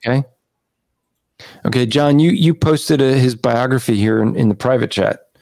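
A man hosting a casual online discussion over a video call, talking at length, restarting sentences and clearing his throat. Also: mid-range voice, normal speed, darkish tone, dry recording. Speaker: podcast host.

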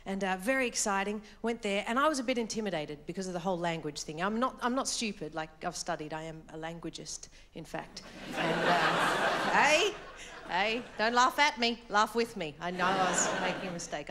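A woman's voice: fairly low pitch, normal speed, heavy background noise. A woman doing a stand-up comedy routine on stage, chatty and self-mocking as she tells her story. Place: comedy stage before a live audience. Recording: live stage mic with loud crowd. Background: audience laughter.

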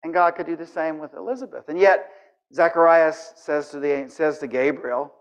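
Guy preaching in church, kinda high voice, chatty and lively, muffled audio. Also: normal speed. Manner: animated, conversational, acts out scenes. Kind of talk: sermon.

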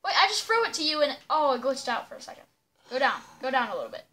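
A woman playing a game with a friend, directing a silly role-play in an excitable, giggly, bossy way. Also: sits high, fast talker. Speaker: player.

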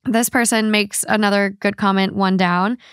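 A woman hosting a podcast in casual chat, blunt and quick to swear. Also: medium pitch, steady tone, a bit bright, smooth, dry recording, studio quality. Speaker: podcast host.

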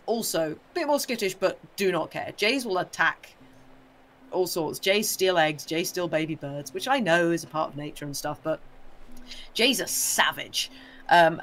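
Rambling and opinionated, this British livestream co-host keeps things casual, pausing for little bird impressions tossed off in quick asides. The voice sits in the mid range with a touch of brightness.

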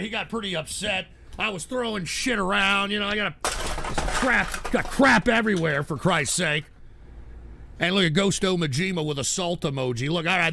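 A man hosting a live stream, reading chat and ranting in an irritable, profane way, swinging between grumbling and loud outbursts. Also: sits high, gravelly, dry recording. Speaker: livestream host.

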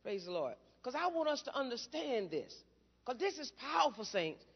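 A woman's voice: high voice, very animated, normal speed, creaky, husky. Fervent woman preaching in a reverberant hall. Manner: fervent, repeats phrases, calls out to the congregation; swings from quiet teaching to loud shouting. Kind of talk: sermon. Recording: dull recording with long hall reverb.

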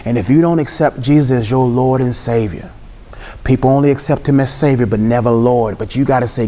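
A man's voice: medium pitch, a little fast, mellow. A young man preaching a sermon in an emphatic, casual way, mixing slang and humor. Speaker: Christian speaker.

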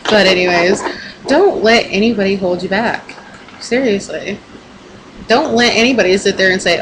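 A woman's voice: mid-range voice, animated, normal speed. A young woman in a casual vlog pep talk, rambling and emphatic, swearing a lot as she talks to her camera at home. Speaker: vlogger. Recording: noisy home recording.

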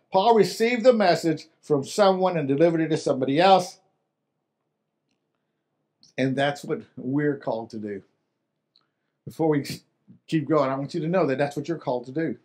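High-pitched guy preaching, repeats himself a lot, goes quiet then loud. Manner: repetitive, emphatic preaching with many restarts; swings between loud and soft, acting out quotes. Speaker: pastor. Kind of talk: sermon.

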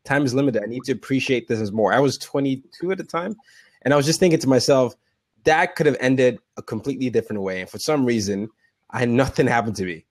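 A man in his twenties hosts a podcast, asking earnest, reflective questions. His voice has a mid pitch, and the recording sounds dry and close. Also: fast talker, darkish tone, no room sound. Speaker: podcast host. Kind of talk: casual conversational interview.

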